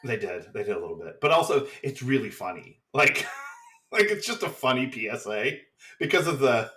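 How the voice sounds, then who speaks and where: A man co-hosting a podcast, casually recapping a TV episode with swearing and quick mock voices of the characters. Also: mid-range voice, sing-song, pushed and bright. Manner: swearing, chatty, acts out quick impressions. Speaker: podcast co-host.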